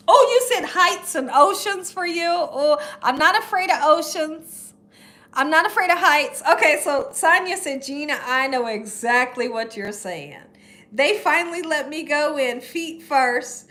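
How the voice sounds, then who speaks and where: A woman's voice: high voice, a little slow. A woman hosting a casual livestream, telling stories to her viewers and laughing often. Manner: storytelling, animated, laughs often. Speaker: cooking channel host. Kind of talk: casual livestream chat reading comments.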